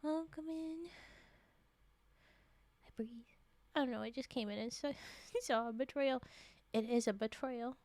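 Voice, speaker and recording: Brief: woman streamer, high voice, dry close sound, strained voice, reads a story and jokes with chat. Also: unhurried, pauses often, darkish tone, no room sound. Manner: reads aloud, breaks off for joking commentary. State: voice straining, short of breath. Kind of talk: livestream story reading with chat asides.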